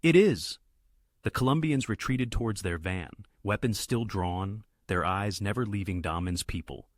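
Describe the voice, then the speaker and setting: A man reading a dramatic story aloud in a steady narration. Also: lowish voice, moderate pace, no echo, clean studio sound.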